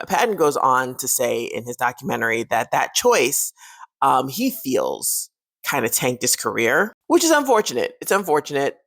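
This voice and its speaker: A woman's voice: extremely low pitch, gravelly, breathy edge, no echo. A woman hosting a horror movie fun-facts video, talking casually and animatedly and laughing often.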